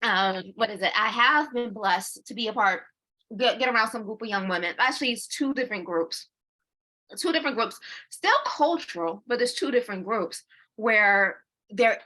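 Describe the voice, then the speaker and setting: At a moderate pace and a little high in pitch, a bright woman in her forties co-hosts a relaxed chat with a crisp, forward tone. She laughs a lot, repeats words as she thinks, and slips into acting out her own inner voice mid-sentence.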